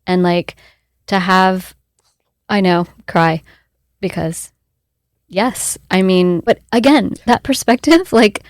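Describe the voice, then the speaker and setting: A woman guest, a hospice nurse, talking in a reflective, halting way on a podcast. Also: medium pitch, no echo, clean studio sound. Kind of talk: podcast interview.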